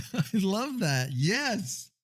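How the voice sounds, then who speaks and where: A man hosts a relaxed conversation in an upbeat, encouraging way. His voice sits a little high for a man, and he keeps affirming his guest. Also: extremely slow, slightly rough. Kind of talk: casual chat.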